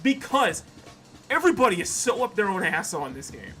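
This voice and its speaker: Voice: medium pitch, very animated, normal speed, fairly bright tone, soft background music. A streamer in their thirties ranting heatedly about a game during a stream. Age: 30s. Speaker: gaming streamer.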